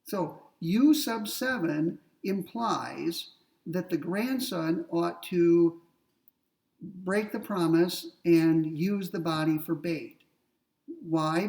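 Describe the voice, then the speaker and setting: Methodical lecturer with a gravelly voice. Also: male voice, high-pitched, a little mellow, distant mic, rough recording. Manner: methodical, repeats key points, asks rhetorical questions. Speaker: philosophy lecturer. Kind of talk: recorded ethics lecture.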